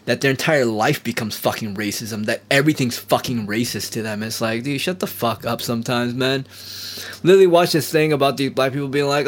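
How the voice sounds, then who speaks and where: A man talking alone in a loose, heated rant, sarcastic and full of swearing. His throat is still sore from a recent illness, and he talks straight to the listener with a scornful edge. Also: mid-range voice. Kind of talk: casual rant monologue.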